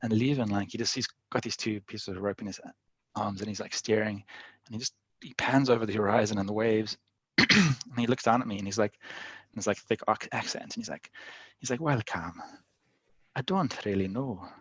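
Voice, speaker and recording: A young man, a podcast guest, telling adventure stories in a rambling way, full of "like" and quick laughs. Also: fairly low pitch, steady tone, fairly bright tone, slightly rough, no room sound. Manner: rambling, heavy use of "like", frequent laughs. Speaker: podcast guest, endurance athlete. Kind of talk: casual storytelling.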